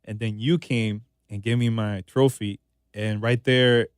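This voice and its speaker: A man's voice: fairly low pitch, fairly even intonation, unhurried, clear, resonant tone, dry recording, clean studio sound. A man guest on a podcast interview, talking in a laid-back, conversational way and often saying "man" and "you know". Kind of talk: casual interview chat.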